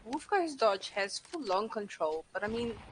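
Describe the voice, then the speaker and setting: A woman's voice: mid-range voice, sing-song, unhurried. South african woman casting esports, chatty, reads chat out, faint hiss and clicks. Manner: chatty, code-switches, reads chat aloud. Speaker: esports caster. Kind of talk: live game commentary. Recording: faint background noise and clicks.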